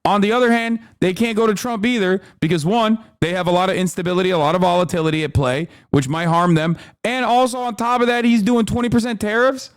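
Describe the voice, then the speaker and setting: A man in his thirties doing casual political commentary on a stream, profane and animated, mocking people in quick put-on quotes. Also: sits high, clear, resonant tone, no echo, clean studio sound.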